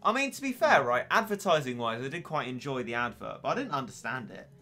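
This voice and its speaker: Late-teen male streamer, wry and chatty, sharp bright voice. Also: medium pitch, big pitch swings, fast talker, faint music behind. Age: late teens. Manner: chatty, wry and self-mocking. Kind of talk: casual gaming stream chat.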